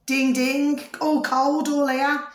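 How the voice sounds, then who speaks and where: A woman's voice: high voice, level tone, slow, roomy sound. A middle-aged British woman chatting in a rambling way to her viewers, often checking that they follow her. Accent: British English. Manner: chatty, repeats "do you see what I mean?" and "ding ding". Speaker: vlogger. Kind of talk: rambling casual monologue to camera.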